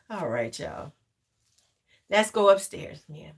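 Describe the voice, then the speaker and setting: A middle-aged woman hosts a casual livestream from home, her voice fairly low and her pace normal. She chats with viewers bluntly, joking and swearing freely, then switches to cooing and fussing over a toddler.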